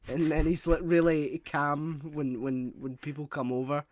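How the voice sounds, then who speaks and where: A man's voice: on the high side, steady tone, normal speed. A man co-hosting a podcast, teasing his friend and then bringing up news topics. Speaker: podcast co-host. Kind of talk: casual podcast banter.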